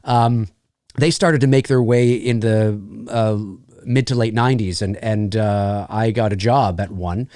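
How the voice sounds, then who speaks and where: A man's voice: fairly low pitch, unhurried, dry recording, studio quality. A middle-aged man in casual chat as host, telling stories with lots of restarts and laughs. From Canada. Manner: animated storyteller, many restarts and laughs.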